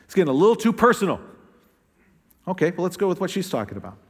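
Preaching in a church sanctuary, a male pastor's voice carries long reverb from the hall. He speaks conversationally in a sing-song, slightly breathy way, acting out quotes by shifting his pitch higher or lower and his speed faster or slower.

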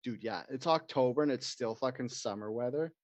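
A man's voice: medium pitch, brisk, darkish tone, no echo. A man, co-hosting a podcast in casual banter and spinning crude, joking stories. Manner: crude, joking storyteller who puts on voices. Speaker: podcast co-host. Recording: dry, dull lo-fi sound.

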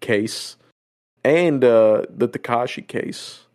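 A man co-hosting a podcast in casual chat, rambling and excitable, swearing often. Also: mid-range voice, slow. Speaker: podcast co-host.

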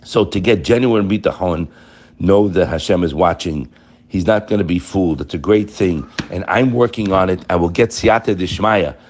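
A man's voice: low voice, normal speed, a little mellow, slight background noise. A man teaching a spiritual lesson. He reads Hebrew text aloud, translates it, and urges his listeners on with rhetorical questions. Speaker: religious teacher.

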